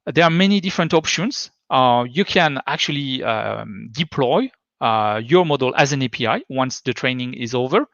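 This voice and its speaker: A man's voice: medium pitch, lively intonation, normal speed, a bit bright, dry recording. A man giving a tech talk presentation, explaining in a hesitant, stop-start way. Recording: dull lo-fi dry sound.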